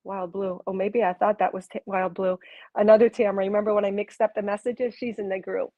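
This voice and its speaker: A woman's voice: mid-range voice, flat delivery, a little fast, phone-quality sound. A woman working as a spiritual reader and channeler, talking live to her viewers in the comments in an effusive way with frequent exclamations and laughter. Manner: speaks directly to viewers in the comments. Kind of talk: live-stream spiritual talk.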